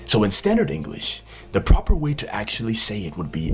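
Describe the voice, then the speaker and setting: A man with a fairly low voice explains a lesson step by step, in a methodical, instructive manner. Clear background music plays under his voice throughout. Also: wildly swooping pitch, a little fast. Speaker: online language instructor.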